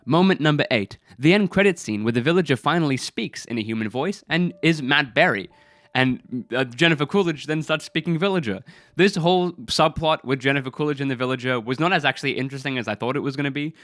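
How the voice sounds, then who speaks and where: A man's voice: medium pitch, brisk, dry recording. A man giving casual film commentary in a rambling, incredulous way, with many fillers. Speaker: film review video creator.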